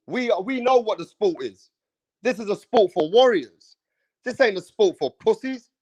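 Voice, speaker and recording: A man rants into the camera in a high-pitched voice. He is fired up and swears freely. He hammers the same points over and over. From England. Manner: fired-up, profane, repeats himself, keeps saying bro. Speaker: boxing channel host. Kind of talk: heated opinion rant to camera.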